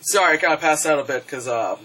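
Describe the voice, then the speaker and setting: A woman casually reviewing a movie in a vlog, excitable and profane, breaking into loud yelps as she retells scenes. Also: deep voice, fast talker, low-quality recording.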